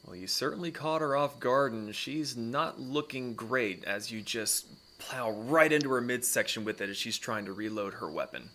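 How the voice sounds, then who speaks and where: A man running a tabletop fantasy game, describing the scene in measured narration with small fillers. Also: medium pitch, bright, forceful tone, a little hiss or hum. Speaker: dungeon master.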